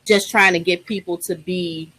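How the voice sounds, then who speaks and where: A woman's voice: on the low side, fairly even intonation, moderate pace, sharp tone, no room sound, rough recording. A woman co-hosting a live web chat show, talking in a casual, slangy way with lots of fillers.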